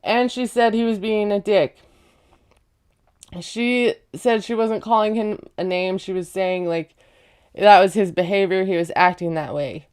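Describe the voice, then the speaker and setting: Chatty sarcastic woman with a smooth voice. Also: medium pitch, fairly even intonation, a little slow, a little mellow. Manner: chatty, sarcastic, laughs at own jokes. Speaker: recap vlogger. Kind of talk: casual reality-show recap.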